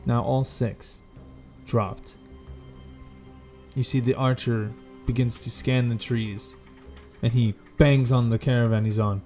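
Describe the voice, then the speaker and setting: A man runs a tabletop game, narrating each scene in unhurried, deliberate detail at a middle pitch. He pauses often and corrects himself as he goes, with faint music playing behind him. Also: steady tone, a little mellow. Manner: slow, descriptive, with fillers and self-corrections. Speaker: game master.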